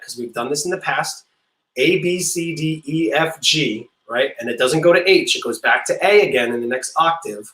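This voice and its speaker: A man teaching a music class, playful and encouraging, leading silly vocal warm-ups and singing notes to demonstrate. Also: fairly high pitch, reverberant, poor audio. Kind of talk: online music class for kids.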